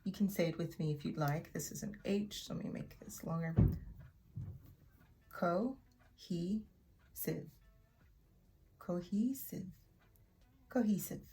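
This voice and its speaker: A woman teaching an English vocabulary lesson in a chatty way, repeating words slowly for learners to echo. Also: sits low, warm tone, soft background music. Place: in Oklahoma.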